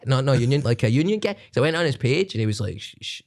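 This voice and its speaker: A man's voice: mid-range voice, big pitch swings, very fast, gravelly, few pauses, darkish tone. A man telling rambling stories with frequent laughter in a casual podcast chat. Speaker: comedian guest.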